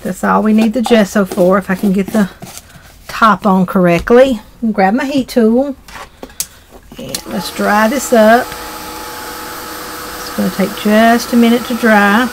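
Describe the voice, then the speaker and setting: A woman's voice: mid-range voice, steady tone, a little slow, long pauses, background noise. A middle-aged woman with a Southern accent, chatting her way through a craft tutorial, rambling with ums and restarts. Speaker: craft demonstrator.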